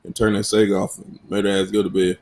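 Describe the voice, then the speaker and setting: A man's voice: fairly low pitch, level tone, fast talker, gravelly, darkish tone. Guy in his 30s running his own podcast solo, cussing a lot, joking around, telling stories. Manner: profane, joking, storytelling. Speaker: podcast host. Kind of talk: casual solo podcast chat.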